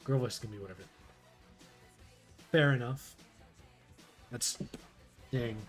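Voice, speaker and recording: A man's voice: mid-range voice, takes it slowly, faint music behind. A young man chatting casually on a live stream, rambling and self-deprecating, with frequent restarts. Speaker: streamer reading a webcomic aloud.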